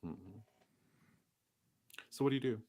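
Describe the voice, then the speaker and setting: A man with a very deep voice runs a tabletop game, painting scenes with loose, chatty description. He narrates at an easy pace. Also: animated, measured pace, warm tone. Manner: descriptive, with fillers and restarts. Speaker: game master.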